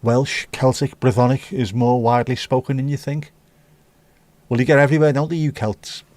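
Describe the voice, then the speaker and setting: A British man with a medium-pitched, darkish voice keeps a steady tone at normal speed, with no room sound. He hosts a casual livestream, reading viewer comments aloud and riffing on them, opinionated and mildly profane.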